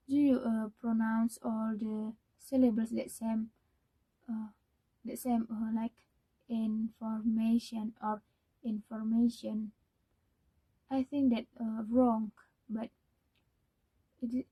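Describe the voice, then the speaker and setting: Slow, halting young woman presenting. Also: fairly high pitch, dark tone, husky, poor audio. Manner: halting, many fillers and restarts. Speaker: student. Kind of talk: spoken class presentation.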